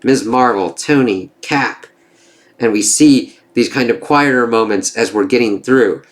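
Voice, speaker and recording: A man's voice: mid-range voice, unhurried. A man giving a casual spoken review of a comic book, reading panels aloud with enthusiastic, conversational asides.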